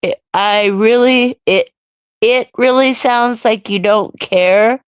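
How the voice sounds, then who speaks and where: Woman streamer, slow and dry, ranting at chat. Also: fairly high pitch, clear, resonant tone, no room sound. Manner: ranting, irritated, reacting to chat. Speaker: livestream host. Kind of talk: casual solo livestream chat.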